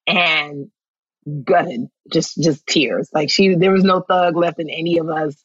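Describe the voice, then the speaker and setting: A woman guest in an interview, telling stories in a lively way, acting out what people said and laughing often. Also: sits low, a little slow, husky, no echo, lo-fi sound. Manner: animated storytelling, acts out quotes, laughs often. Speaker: actress guest. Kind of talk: casual interview chat.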